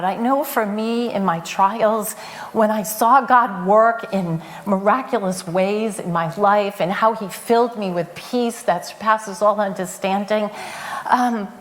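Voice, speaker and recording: A woman's voice: mid-range voice, measured pace. A woman preacher giving a sermon, telling the story in a conversational way with frequent fillers.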